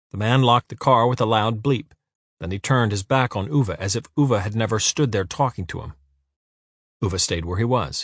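Narrating a novel, a male audiobook reader keeps a measured, even storytelling tone in an ordinary middle pitch. The scripted reading is recorded dry and close, with no room sound at all.

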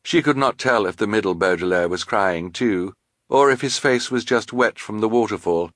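Audiobook narrator, man, low and measured, dry booth. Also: a bit bright, no room sound. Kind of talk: scripted narration.

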